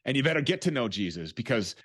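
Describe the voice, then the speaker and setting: A male host whose voice swings lively up and down as he puts curious, probing questions to his guest and thinks aloud. The sound is dry and close, with no room around it. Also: medium pitch, quick pace, no echo. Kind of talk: casual interview questioning.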